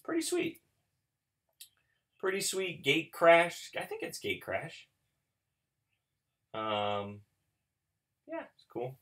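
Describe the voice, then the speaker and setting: A man hosting a card pack opening, talking casually and mocking himself, who breaks into excited shouting. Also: on the high side, takes it slowly, pauses often. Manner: chatty and self-mocking, bursts into excited shouting. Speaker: host opening card packs for viewers.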